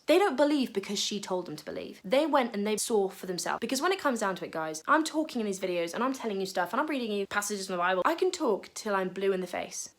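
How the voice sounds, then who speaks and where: Fast, lively woman retelling a Bible story. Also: medium pitch. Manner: chatty and comic, acting out characters with gasps and asides. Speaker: youth leader.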